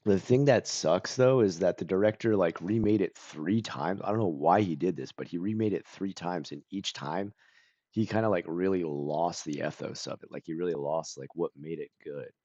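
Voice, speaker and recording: Deep-voiced rambling streamer man. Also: normal speed, mellow, no room sound, muffled recording. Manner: rambling, full of "like" and self-corrections. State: coughing, clearing throat. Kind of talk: casual stream chat.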